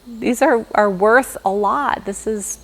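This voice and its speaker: A woman voicing a gracious young queen in a retold legend, exclaiming in a raised voice. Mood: astonished. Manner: high-pitched, exclaiming, slowing for emphasis.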